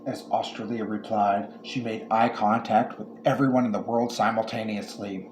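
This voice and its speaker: A man narrating a comic horror story in a dry, deadpan manner. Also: lowish voice, moderate pace, hardly any pauses, slight background noise. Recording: echoey room with faint ambience.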